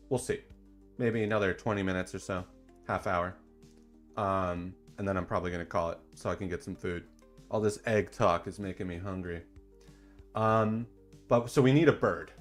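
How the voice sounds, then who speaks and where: A man hosting a casual livestream in a laid-back, slangy way that turns excited at times. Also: lowish voice. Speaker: streamer and dungeon designer.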